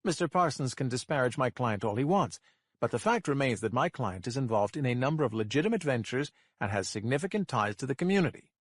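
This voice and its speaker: A man's voice: medium pitch, big pitch swings, fast talker, no echo, studio quality. A man voicing an indignant male defense lawyer who protests emphatically in court.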